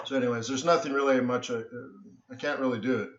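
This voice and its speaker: A tired man rambles through animated stories while hosting a live trading stream and keeps saying "so anyways". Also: mid-range voice, fast. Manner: animated storyteller, says "so anyways" often, trails off. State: tired from little sleep. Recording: echoey room, dull lo-fi sound.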